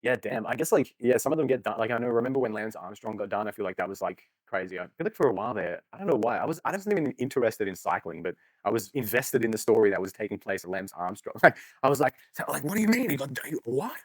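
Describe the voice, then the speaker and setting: A man's voice: fairly low pitch, animated, no echo. A young man, joking and swearing freely in a casual podcast chat. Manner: rapid, joking, swears freely, laughs often.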